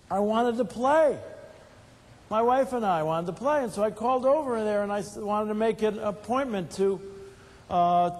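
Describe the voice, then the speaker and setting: A man's voice: very high voice, darkish tone. An older man giving a motivational keynote talk, asking the audience questions and answering them himself in a playful storytelling way. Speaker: keynote speaker. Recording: reverberant hall.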